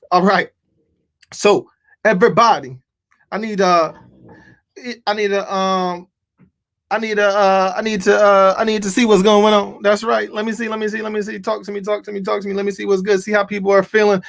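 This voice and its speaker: High-voiced man hyping a live show. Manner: energetic, repeats call-outs and hype phrases. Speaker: host of a live comedy show. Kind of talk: hyped-up live show hosting.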